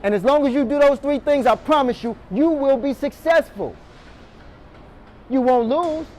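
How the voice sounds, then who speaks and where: A man with a high, bright-sounding voice speaks to a roomful of salespeople as a motivational speaker. He fires questions at the audience and pushes them to answer back. Faint background noise sits under his voice. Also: moderate pace. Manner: energetic, calls on the audience, quizzes the room. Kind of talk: motivational talk to a sales team. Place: meeting room with a live audience.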